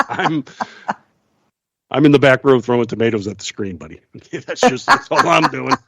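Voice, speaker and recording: Sarcastic radio guy, laughs a lot, husky, dry close sound. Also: mid-range voice, wildly swooping pitch, moderate pace, fairly bright tone, no echo. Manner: sarcastic, laughing often, mocking voices. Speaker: radio talk show host. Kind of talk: casual chat.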